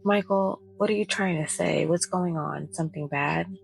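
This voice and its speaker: A woman reading the lines of a tearful nine-year-old girl who pleads not to be left, in a soft-spoken bedtime story. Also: fairly low pitch, normal speed, vocal fry. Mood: worried.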